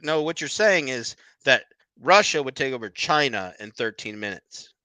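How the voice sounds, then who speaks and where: A man's voice: medium pitch, lively intonation, moderate pace, pushed and bright, no room sound. A man in a heated casual debate, insistent and mocking, repeating his points. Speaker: podcast co-host.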